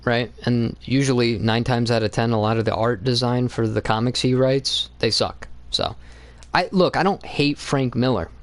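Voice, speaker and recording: Casting note: young male comics host, mid-pitched, dry close mic, blunt and profane, rambling rant. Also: normal speed, no echo. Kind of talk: casual opinionated monologue.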